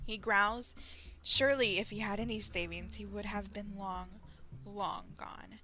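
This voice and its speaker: A woman from Texas reads a dark fan story aloud for her channel, animated and quick to break in with her own reactions. Her voice is bright and clear-edged. Faint music plays underneath. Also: mid-range voice, rough recording. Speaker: story reader, channel host. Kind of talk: reading fan fiction aloud with comments.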